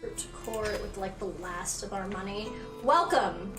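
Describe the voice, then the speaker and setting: A woman's voice: mid-range voice, unhurried, distant mic, music in the background. Chatty young woman streamer, echoey room. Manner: chatty, sarcastic, swears casually. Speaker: gaming streamer. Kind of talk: casual gameplay commentary. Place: home room.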